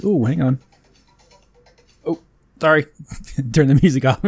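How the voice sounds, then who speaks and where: A man's voice: medium pitch, lively intonation, moderate pace, darkish tone, no echo. A man hosting a gaming channel, giving casual, joking commentary while he plays and swearing when things go wrong. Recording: faint noise with game gunfire behind.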